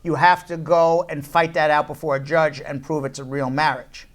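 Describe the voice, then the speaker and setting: A woman's voice: sits low, flat delivery, moderate pace. A woman hosting a live immigration law show, joking and repeating her phrases for emphasis, then giving firm legal advice. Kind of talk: live call-in show banter.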